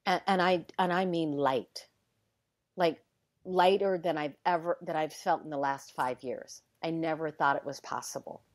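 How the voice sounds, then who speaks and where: Speaking at normal speed in a low voice, a middle-aged woman tells an emotional personal story in casual conversation. She performs the dialogue herself and occasionally falls to a hush, her telling heartfelt throughout.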